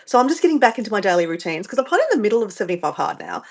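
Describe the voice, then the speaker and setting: Australian woman live-streaming from home, rambly chatty host, lots of pitch movement. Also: big pitch swings, rapid-fire. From Southeast Queensland, Australia. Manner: rambling, chatty, easily sidetracked. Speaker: livestream host. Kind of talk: casual live-stream chat.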